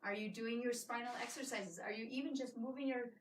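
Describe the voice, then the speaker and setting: A woman chiropractor giving a live workshop to patients, energetic and coaxing, often checking in with "right?". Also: fairly high pitch, fairly quick, a little hiss or hum. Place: clinic room with a small audience. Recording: echoey room, mic at a distance.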